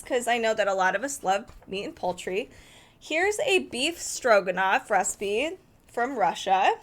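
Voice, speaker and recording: A woman with a slightly high voice talks through a cookbook as she flips its pages. She is eager and chatty, thinking aloud and catching her own slips. The tone is a casual home review. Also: fairly bright tone. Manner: enthusiastic, thinking aloud, self-correcting. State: arm tired from holding a heavy book.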